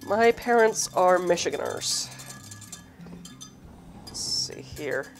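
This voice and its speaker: A lower-voiced woman talks her way through a home cooking demo, chatty and prone to rambling asides as she works. Her accent is a light Southern lilt blended with Midwestern vowels. Faint music plays behind her. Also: expressive, slow pace. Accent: light Southern mixed with Midwestern. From southern United States. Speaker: cooking show host. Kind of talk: casual cooking demo chat.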